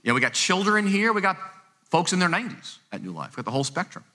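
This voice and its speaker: Guy pastor preaching live in church, super bright clear voice, chatty and emphatic, keeps repeating words. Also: sits high, big pitch swings, quick pace. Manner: conversational, emphatic, repeats words when stressing a point. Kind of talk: sermon. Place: church sanctuary, live service.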